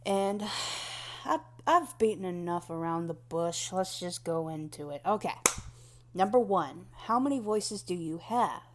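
A young woman talks through a questionnaire in a loose, meandering ramble, poking fun at herself as she goes. Her voice sits on the low side, and she takes her time. She often circles back and restarts her sentences. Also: expressive, a little slow, slight background noise.

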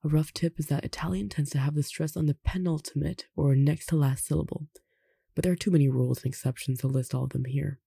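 A language tutor reading a pronunciation lesson aloud in an unhurried way, slowly spelling out examples and adding light asides. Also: medium pitch, steady tone, creaky, mellow, husky, dry recording, clean studio sound. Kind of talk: reading an instructional text aloud.

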